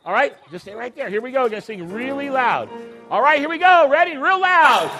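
A man's voice: extremely high pitch, sing-song, a little fast, bright, forceful tone, faint music behind. A man leading a children's Christmas program on a church stage, upbeat and coaxing, teasing the kids as he goes. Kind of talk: lively emcee talk to children on a stage.

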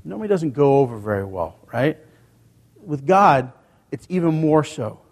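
A man's voice: on the high side, big pitch swings, normal speed, in a large hall. A male pastor preaching a sermon in a church, talking to the congregation in a conversational way with rhetorical questions. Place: church sanctuary.

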